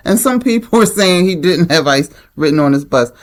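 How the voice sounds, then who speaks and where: Woman with a low voice doing a casual news rundown on her channel, blunt, no holding back. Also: expressive, moderate pace, hardly any pauses. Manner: blunt and opinionated. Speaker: channel host.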